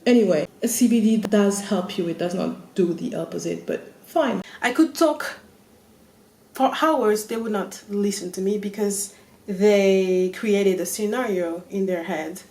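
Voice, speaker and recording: A woman with a French accent, a native French speaker, telling a story on her vlog in an animated way and swearing often. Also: medium pitch, measured pace. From France. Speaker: vlogger.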